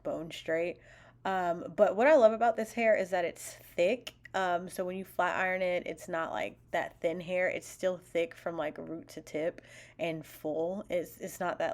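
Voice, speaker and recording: A woman with a slightly low voice narrates a hair tutorial in a relaxed, chatty way. Her talk is full of casual fillers, and she keeps a self-deprecating, joking tone. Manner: self-deprecating, laughs at herself. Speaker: beauty vlogger.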